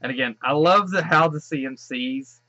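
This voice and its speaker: A man's voice: fairly high pitch, moderate pace, sharp tone, dry recording, highs cut off. A man giving casual reaction commentary on a cartoon episode. He gushes and rambles, restarting his sentences often. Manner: gushing and rambling, many restarts. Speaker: show reaction host.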